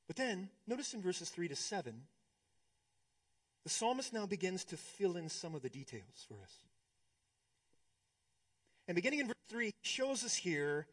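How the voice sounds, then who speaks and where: Male pastor, high voice, sermon delivery, shifts from hushed to emphatic. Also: sing-song. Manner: preaching with pauses, swinging between hushed and emphatic.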